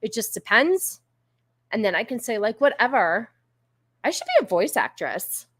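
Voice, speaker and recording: Her voice slightly high, sing-song, fairly bright, and a bit rough, a California woman hosts a livestream at normal speed. She banters sassily with viewers in chat, laughing and lapsing into a valley girl tone.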